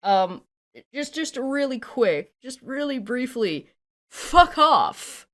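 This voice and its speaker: A woman from Canada reacts to clips on a stream with blunt, sarcastic commentary. She talks at an unhurried pace in a slightly high voice, and her swearing grows into angry shouts. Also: expressive.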